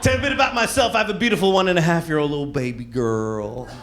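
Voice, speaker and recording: A man's voice: on the high side, fast, a bit bright, some chatter behind, slight background noise. A man in his forties doing a crude, brash stand-up comedy set on stage, slipping into silly voices for punchlines. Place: comedy club stage before a live audience. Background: audience laughter.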